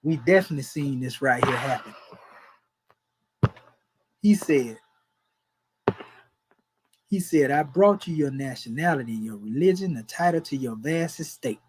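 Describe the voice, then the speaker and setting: A man's voice: mid-range voice, expressive, unhurried, long pauses, background noise. A man, preaching in a folksy, emphatic way and chuckling between points. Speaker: religious teacher. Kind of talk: informal preaching.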